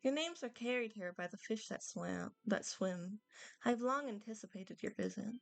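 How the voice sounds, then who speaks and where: A woman's voice: mid-range voice, normal speed, creaky, no room sound, faint music behind, lightly acted. A woman reading aloud the lines of a serene, formal female spirit of the vale in a game, in a courteous, old-fashioned manner. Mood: gentle formal. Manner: stately, courteous, slightly archaic phrasing read aloud. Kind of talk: reading game dialogue aloud while playing.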